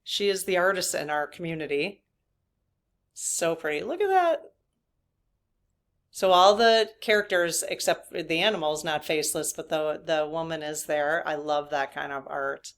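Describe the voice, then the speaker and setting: A chatty woman in her fifties with a slightly low voice talks casually to her viewers as a spiritual reader. She rambles into side stories and laughs often. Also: steady tone, moderate pace.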